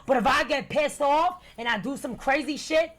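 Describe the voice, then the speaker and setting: A woman's voice: sits high, normal speed. A woman ranting in a commentary video, using slang and mocking impressions of other people. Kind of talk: animated commentary rant.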